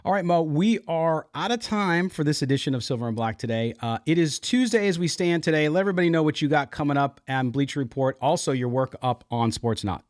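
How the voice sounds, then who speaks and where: A man's voice: fairly high pitch, lively intonation, brisk, hardly any pauses, no room sound, clean studio sound. A man hosting a sports podcast in casual talk, full of asides.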